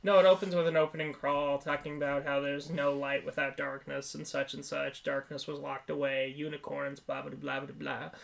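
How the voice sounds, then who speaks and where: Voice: mid-range voice, little pitch movement, normal speed, creaky, few pauses. A person in their twenties co-hosting a casual movie-review podcast, rambling into tangents and laughing often. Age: 20s. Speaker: podcast co-host.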